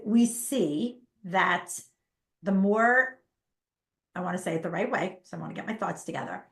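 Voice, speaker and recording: A woman in her fifties, an ADHD parenting coach appearing as a podcast guest, chats casually in a medium-pitched, gravelly voice. She's animated and emphatic, acting out parents and kids in quotes. The recording sounds roomy and echoey.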